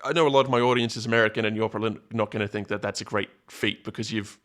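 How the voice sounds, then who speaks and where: A man's voice: on the low side, steady tone, very fast, fairly bright tone. A man talking to camera in a rambling, self-correcting solo commentary, drifting into anecdotes. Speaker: political commentator.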